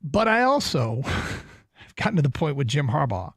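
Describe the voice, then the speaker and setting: A man hosting a sports talk radio show in a studio, taking calls and making his points deliberately, repeating phrases for emphasis. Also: a little high, very animated, vocal fry, fairly bright tone, breathy edge, no echo.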